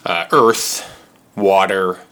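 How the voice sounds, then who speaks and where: A man chatting on a movie podcast. His voice sits a little low but rings bright and forceful, and he keeps slipping puns and running gags into the talk. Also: steady tone, smooth. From United States. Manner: jokey, playful, quick with puns and riffs. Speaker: podcast co-host. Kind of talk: casual movie-podcast chat.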